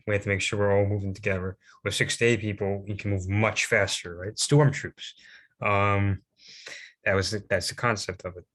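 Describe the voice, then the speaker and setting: A man's voice: lowish voice, little pitch movement, brisk, fairly bright tone. A young man giving an informal history presentation, rambling and hesitant with many fillers and restarts, adding self-deprecating asides.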